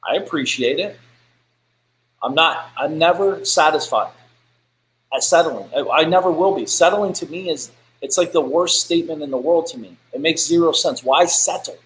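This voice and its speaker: A man's voice: fairly high pitch, moderate pace, a bit bright. A man hosting a live business show, giving a blunt, profane, fired-up motivational rant. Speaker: business podcast host. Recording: echoey room.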